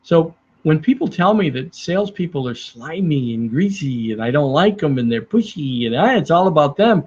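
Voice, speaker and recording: A middle-aged man who trains salespeople tells stories and acts out the clients he meets. His voice sits a little high and sounds a touch husky. The recording is dull and lo-fi. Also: big pitch swings, moderate pace, hardly any pauses, darkish tone. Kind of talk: speaking to the camera about selling.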